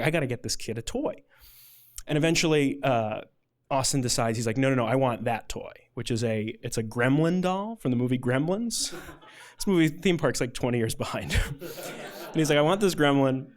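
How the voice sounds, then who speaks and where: A male storyteller performing a true story for a live audience, with a middle-range voice. His telling is loose and conversational, and he leans on "like" and small restarts as he goes. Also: medium pitch. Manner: casual, chatty, many "like" fillers.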